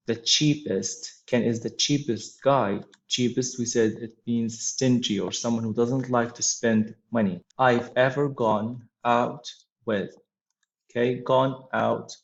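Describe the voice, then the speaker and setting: A man's voice: medium pitch, lo-fi sound. A man teaching English, explaining words and phrases patiently and repeating them, with frequent fillers. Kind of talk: slow explanatory lesson.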